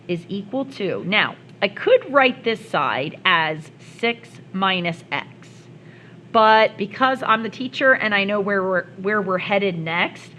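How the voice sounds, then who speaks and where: A woman's voice: fairly low pitch, fairly bright tone, slight background noise, low-quality recording. A woman math teacher explaining worked examples step by step, with playful asides. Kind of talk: recorded classroom lesson.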